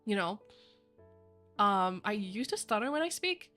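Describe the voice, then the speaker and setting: A woman's voice: mid-range voice, sing-song, unhurried, bright, forceful tone, faint music behind. A young woman streamer chatting casually with viewers, rambling with lots of fillers and giggling often. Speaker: virtual streamer. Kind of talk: casual livestream chat.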